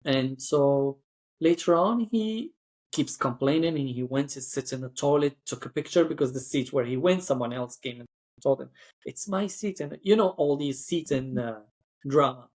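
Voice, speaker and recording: A man's voice: mid-range voice, normal speed, darkish tone. A man who works as cabin crew, telling a story in a chatty podcast style, full of "like" and acted-out voices. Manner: chatty, acts out quoted voices, frequent "like".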